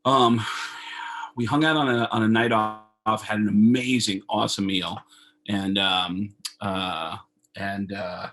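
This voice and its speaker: A man, a comedian guest on a video call, telling an animated, profane story. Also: lowish voice, slow. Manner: animated, profane, acts out dialogue. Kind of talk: casual storytelling.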